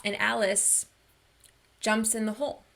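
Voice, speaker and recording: Earnest woman with a gravelly voice. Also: medium pitch, flat delivery, unhurried, a bit bright. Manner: earnest, personal, storytelling. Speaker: wellness coach. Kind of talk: online workshop talk.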